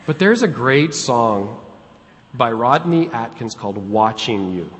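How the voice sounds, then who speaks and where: A middle-aged man preaching a sermon as pastor, earnest and conversational, with pauses for effect. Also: mid-range voice, expressive, fairly bright tone. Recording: long hall reverb.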